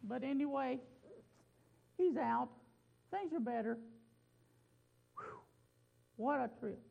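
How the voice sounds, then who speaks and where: Gravelly, high-voiced male preacher. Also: animated, a little slow. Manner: folksy, emphatic scripture reading. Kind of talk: sermon. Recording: muffled lo-fi recording.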